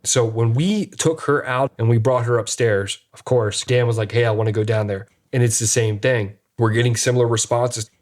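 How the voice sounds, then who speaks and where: A man, a paranormal investigator, casually retelling an investigation with animated re-enacted dialogue. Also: medium pitch, normal speed, few pauses. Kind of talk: casual storytelling.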